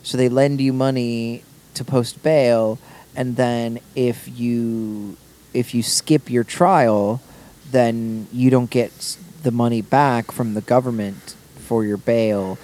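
A man co-hosting a casual podcast in a voice of ordinary pitch. He rambles, stumbling through restarts and laughing along the way. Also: darkish tone. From Cleveland. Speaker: podcast co-host. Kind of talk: casual chat.

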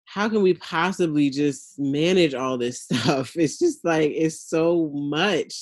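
A woman's voice: low-pitched, slow pace, a little mellow, no echo. A woman, a mother of young children, talking candidly in a casual chat and laughing as she vents. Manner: candid, laughs while venting, acts out her kids' voices. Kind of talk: casual podcast conversation.

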